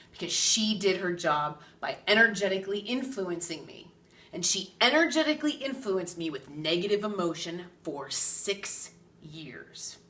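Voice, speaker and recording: A chatty woman psychic medium teaches in an animated way, laughing often and checking in with "okay?". Her voice is bright. It echoes around the room and is picked up from a little way off. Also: mid-range voice, recorded from a distance. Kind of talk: spiritual teaching talk.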